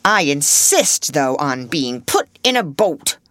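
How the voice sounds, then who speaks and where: A woman's voice: low-pitched, sing-song, moderate pace, pushed and bright, husky, no room sound, full character voice. A woman reading a story voices a gloomy, stubborn man who insists on having his way. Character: gloomy, stubborn older male actor.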